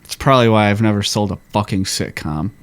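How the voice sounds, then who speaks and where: A man's voice: lowish voice, quick pace, clean tone. A man co-hosting a history podcast, explaining in a laid-back, wry way with plenty of swearing. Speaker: podcast co-host. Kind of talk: casual history podcast chat.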